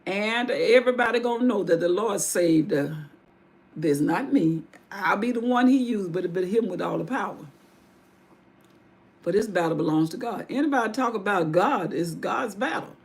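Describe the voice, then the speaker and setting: A livestream host with a medium-pitched voice and lively intonation retells a Bible story at a moderate pace. She speaks in casual vernacular, restarting and tossing in asides.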